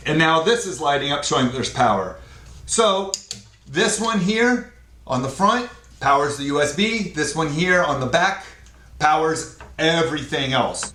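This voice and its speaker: A man's voice: fairly high pitch, a bit bright. A man giving a casual unboxing review, explaining a product step by step at his desk. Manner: plain, explaining step by step with fillers. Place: indoor room at a desk. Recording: echoey room, faint noise.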